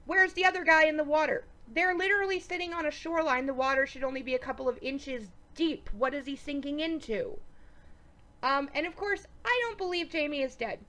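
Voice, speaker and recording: A woman giving a casual, profane, animated recap of a TV episode, full of sarcastic asides and quick reactions. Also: high voice. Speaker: TV episode reviewer.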